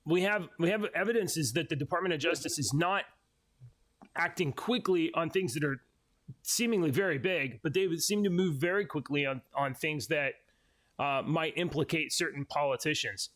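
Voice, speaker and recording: A man's voice: on the high side, moderate pace, a bit bright. A man co-hosting a casual podcast chat, hedging and arguing his points with many restarts. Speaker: podcast co-host.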